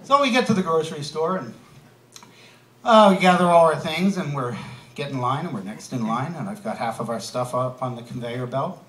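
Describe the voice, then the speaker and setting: Man, stand-up comedian, lively sing-song delivery, echoey room, mic at a distance. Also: a little high, moderate pace. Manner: wry, punchy delivery with asides to the crowd. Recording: live club room, mic heard from a distance. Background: audience laughter.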